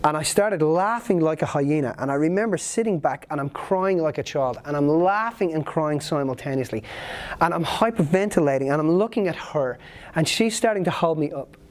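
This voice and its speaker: A man's voice: on the high side, animated, moderate pace. A man speaking at a seminar, telling a personal story in an earnest, emotional, vivid way.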